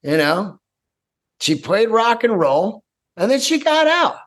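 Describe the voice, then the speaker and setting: A man's voice: high voice, takes it slowly. A man hosting his own podcast alone, rambling loosely from topic to topic and swearing freely. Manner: rambling, profane and animated. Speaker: podcast host. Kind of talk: solo podcast monologue.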